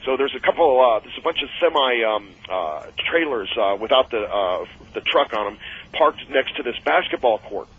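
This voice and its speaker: A man telling wrestling-road anecdotes on a radio call-in show, animated and acting out the voices of the people in his stories. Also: mid-range voice, normal speed, slightly rough. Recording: dull lo-fi radio audio.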